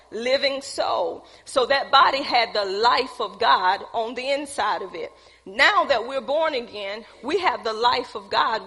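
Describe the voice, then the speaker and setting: Woman, preacher, sermon, questions to the congregation, slightly husky, long hall reverb. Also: fairly high pitch, a bit bright.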